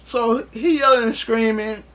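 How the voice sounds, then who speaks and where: A man's voice: very high voice, fairly even intonation, measured pace, a bit bright. A man vlogger telling a casual storytime in loose, profane street talk, acting out what others said.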